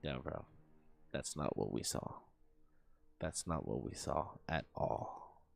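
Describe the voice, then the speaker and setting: A man's voice: extremely low pitch, expressive, takes it slowly, gravelly, no room sound. A young man streaming live, telling a story in a rambling, profane way, full of fillers and sound effects.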